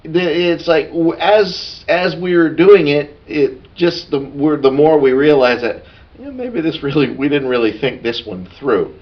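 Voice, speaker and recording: A man's voice: on the high side, expressive, a little slow. A man recapping a tabletop game session in a casual, rambling way, full of asides. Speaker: podcast co-host. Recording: dull lo-fi sound.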